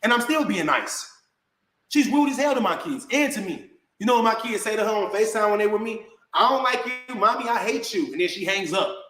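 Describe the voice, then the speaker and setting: A man with a high voice rants at the camera and takes his critics head on. He keeps it slangy and says "bro" over and over. He is recorded in a room with a lot of echo. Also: animated, brisk, a bit bright. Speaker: vlogger answering critics. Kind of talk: heated rant to camera. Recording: echoey room.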